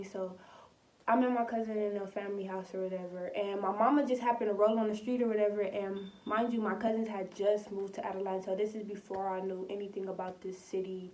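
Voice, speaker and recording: A young woman from Compton, telling a storytime vlog in animated, slangy, filler-heavy speech. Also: mid-range voice. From Compton, California. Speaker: vlogger. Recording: voice somewhat distant from the mic.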